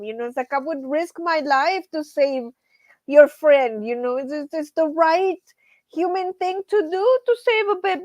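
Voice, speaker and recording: A woman's voice: high voice, moderate pace, dry recording. A middle-aged woman hosting a casual livestream, chatty, laughing often and greeting viewers from the chat. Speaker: livestream host.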